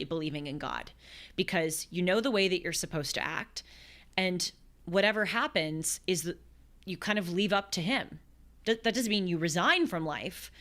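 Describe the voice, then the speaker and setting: Earnest young woman, slightly low voice. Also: a bit bright. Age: 20s. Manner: earnest, thoughtful, restarts phrases mid-thought. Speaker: show host. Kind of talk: talk show commentary on scripture.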